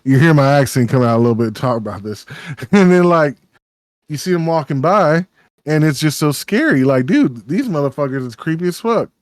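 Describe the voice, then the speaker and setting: A man's voice: a little high, animated, normal speed, no room sound. A man with a Texas accent co-hosting a podcast, rambling in casual chat with lots of swearing and restarts. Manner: rambling, profane, many restarts. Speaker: podcast co-host.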